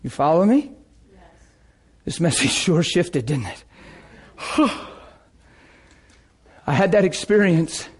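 A man preaching a sermon with fervent, emotional delivery that swings from loud outbursts to hushed intensity. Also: on the high side, very animated, slow, long pauses, husky.

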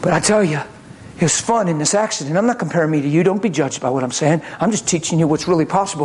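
A man preaching a sermon, telling a story with lively acted-out quotes and swings between loud and hushed. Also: a little high, a little hiss or hum.

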